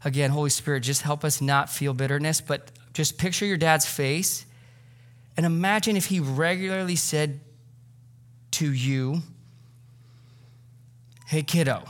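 A man's voice: a little high, a little slow, long pauses. A man in his thirties, a pastor giving a sermon in a church, talking in a loose, conversational way with many fillers. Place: church sanctuary.

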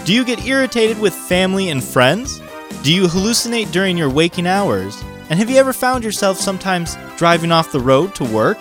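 A man plays an over-the-top infomercial announcer selling with loud, punchy questions. His voice jumps around a lot. Faint music runs behind. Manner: loud, punchy sales pitch. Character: overexcited male infomercial announcer.

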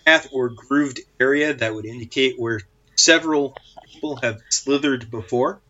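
A man's voice: medium pitch, moderate pace, bright, forceful tone. A man playing a tabletop game, joking and inquisitive. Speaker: player. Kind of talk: casual chat at a tabletop game. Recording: dull lo-fi sound.

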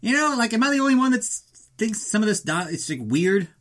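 A man's voice: high voice, sing-song, brisk, fairly bright tone. A man giving a comedic movie recap in a ranting, profane, incredulous way. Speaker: movie reviewer.

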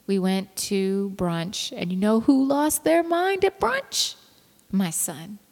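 A woman's voice: medium pitch, sing-song, takes it slowly, gravelly. A tired woman in her thirties talks casually to her viewers as a mother. She rambles, laughs easily and sometimes drops to a whisper. Her voice carries a long room reverb. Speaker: mother vlogging. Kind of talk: casual chat to camera.

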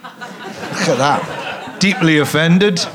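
A man telling a rambling, animated showbiz anecdote as a comedy guest on stage at a podcast recording. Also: on the high side, very slow, crowd noise. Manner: rambling, animated storytelling with restarts and laughs.

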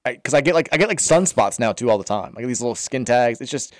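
A man's voice: medium pitch, lively intonation, fast, no room sound, studio quality. A man co-hosting a sports radio show, chatting casually and reading listener texts aloud.

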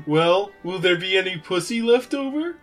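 A meek, greedy cartoon moocher with a mild nasal drawl, as a man puts him on for a comedy reading. The voice is high and bright and sits a little back from the mic. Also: lively intonation, moderate pace, faint music behind. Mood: sly.

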